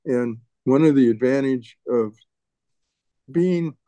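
An older man reminiscing as an interviewee, halting and often restarting and repeating his words. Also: medium pitch, warm tone, no echo. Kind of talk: reminiscing storytelling.

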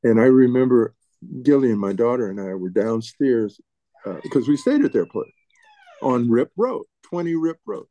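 Older man, interviewee, reminiscing, halting, repeats words, warm dark tone, dry recording. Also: medium pitch, animated, no echo. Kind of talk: reminiscing storytelling.

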